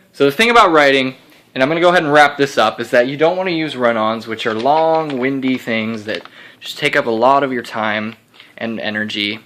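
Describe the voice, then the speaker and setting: Young man, college student, casual instructional talk, earnest, rambling, mid pitch. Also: bright, forceful tone. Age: young adult. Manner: earnest, rambling explainer with restarts.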